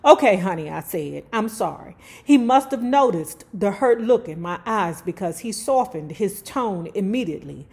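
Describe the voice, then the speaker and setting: A woman reading a memoir aloud and breaking off into sassy, animated commentary full of cursing asides. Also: mid-range voice, normal speed, creaky, hardly any pauses. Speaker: YouTube storyteller.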